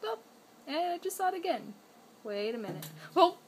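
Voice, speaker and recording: A woman putting on the inner voice of a scatterbrained little kitten, dramatic and easily confused. The voice sits lower and softer than the woman's own, dopey and musing. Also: very animated, normal speed, slight background noise. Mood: puzzled.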